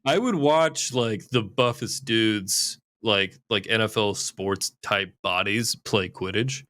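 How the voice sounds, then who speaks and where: A man's voice: lowish voice, slow pace, sharp tone, dry recording, clean studio sound. A man hosting a podcast, chatting casually in a rambling, profane way with lots of "like". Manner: rambling, profane, heavy use of "like". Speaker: podcast host. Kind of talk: casual chat.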